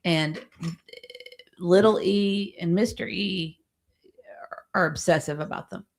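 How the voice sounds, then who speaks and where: A woman's voice: lowish voice, slow, creaky, slight background noise. A woman hosting a casual livestream, reading viewer comments aloud and chatting back.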